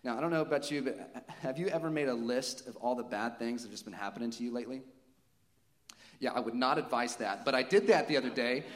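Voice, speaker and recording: A man's voice: medium pitch, fast talker, long reverb tail. A man preaching a sermon to his congregation, conversational, with frequent rhetorical questions. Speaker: pastor.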